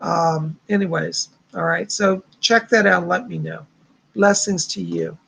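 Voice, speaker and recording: Gravelly, chatty male psychic host. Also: high voice, steady tone, a little slow, a bit bright. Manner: chatty, reassuring, upbeat. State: strained voice. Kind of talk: casual live-stream psychic readings.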